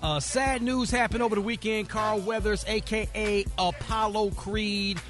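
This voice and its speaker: A man giving a relaxed, conversational sports report on a morning radio show. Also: sits high, moderate pace, soft background music.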